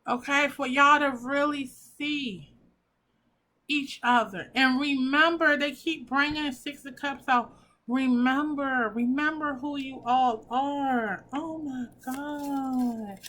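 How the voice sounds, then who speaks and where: Reading the cards in a pick-a-pile tarot session, this woman gushes and swears in a casual, emotional way. She speaks slowly in a high, bright, pushed voice.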